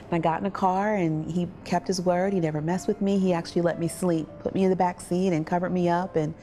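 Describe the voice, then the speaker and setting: A woman earnestly telling her own story as a survivor advocate, with restarts, over soft music. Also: fairly low pitch, steady tone, fast talker. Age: adult parent. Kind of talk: personal testimony.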